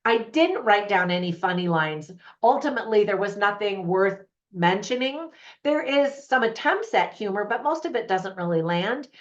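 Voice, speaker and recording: A woman's voice: mid-range voice, lively intonation, normal speed. Chatty woman reviewing movies, dull audio. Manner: chatty, opinionated, laughing asides. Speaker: movie reviewer, channel host. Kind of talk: casual to-camera review.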